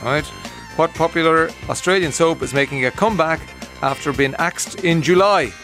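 A man's voice: a little high, normal speed, a bit bright, faint music behind. An Irish man hosting a radio show, chatting casually and reading out listener messages with frequent "uh" fillers. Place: radio studio.

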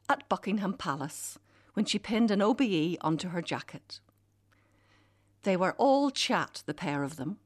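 A middle-aged woman reading her own personal essay aloud, in a wry, animated storytelling manner. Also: mid-range voice.

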